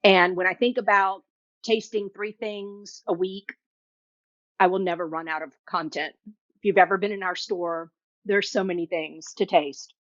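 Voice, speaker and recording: A woman's voice: mid-range voice, steady tone, unhurried, a bit bright, dry recording, dull audio. A woman hosting a live cooking demo, chatty and enthusiastic, tasting food as she talks. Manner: chatty and enthusiastic, tastes while talking. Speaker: cooking show host.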